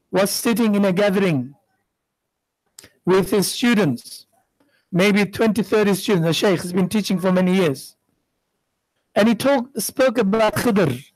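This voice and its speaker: A man's voice: high-pitched, no echo, rough recording. A middle-aged man preaching a sermon as a sheikh, asking rhetorical questions and acting out the voices in his stories. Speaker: sheikh giving a religious talk. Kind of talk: sermon with storytelling.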